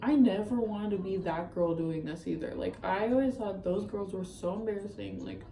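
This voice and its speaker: A woman's voice: medium pitch, normal speed, vocal fry, dark tone. Heated young woman telling a breakup story. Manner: heated, profane, filler-heavy retelling. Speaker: vlogger. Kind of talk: casual storytime. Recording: roomy echo, faint ambient noise.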